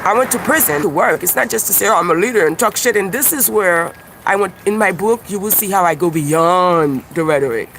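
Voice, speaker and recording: High-voiced man ranting outdoors by traffic. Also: a little fast. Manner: animated, profane, laughs at his own jokes. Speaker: YouTube livestreamer and self-described comedian. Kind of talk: rambling live-stream monologue. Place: outdoors by a busy street with birds. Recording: outdoor street traffic noise. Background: passing cars and birdsong.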